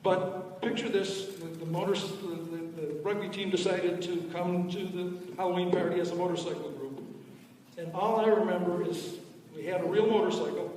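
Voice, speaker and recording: Man in his 60s with a high voice, friendly tribute speaker, far off in an echoing hall. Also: fairly even intonation, normal speed, darkish tone, a little hiss or hum. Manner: plain, good-humoured storytelling. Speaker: attorney, speaker at a celebration. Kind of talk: anecdotal tribute speech. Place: large event hall. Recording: echoey hall, distant mic.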